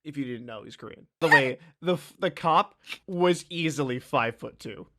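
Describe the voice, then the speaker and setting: A young man casually telling a story, animated, laughing and swearing as he goes. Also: fairly high pitch, normal speed, heavy background noise. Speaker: streamer.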